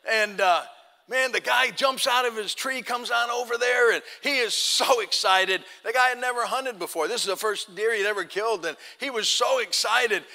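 A man's voice: high-pitched, normal speed, bright, forceful tone. A man preaching, telling a folksy story and acting out both sides of the talk. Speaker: pastor. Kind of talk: sermon storytelling. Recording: long hall reverb.

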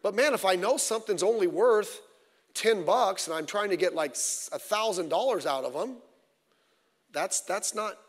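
High-voiced pastor preaching in a hall. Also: male voice, normal speed. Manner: animated, rhetorical questions, wry asides. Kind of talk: sermon. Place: church sanctuary.

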